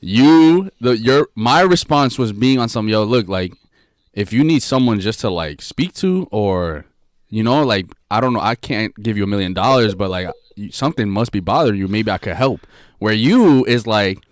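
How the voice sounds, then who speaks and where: A man's voice: fairly low pitch, lively intonation, normal speed, no echo, clean studio sound. A man co-hosting a casual podcast, telling stories earnestly and repeating his points. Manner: earnest, repeats phrases, rambling storyteller. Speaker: podcast co-host. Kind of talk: casual chat.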